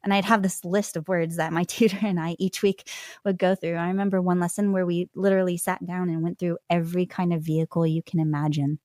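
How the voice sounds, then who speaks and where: Lively woman guest, low and dry. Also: a little fast, no echo. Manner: animated, laughs often, acts out quoted voices. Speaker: podcast guest, language learner. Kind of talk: conversational interview storytelling.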